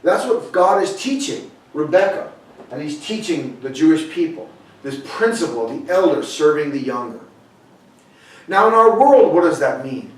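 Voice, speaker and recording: A man's voice: on the high side, animated, normal speed. A man preaching a sermon in a conversational way, retelling scripture with frequent restarts. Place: sanctuary hall. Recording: very echoey room, voice from far off.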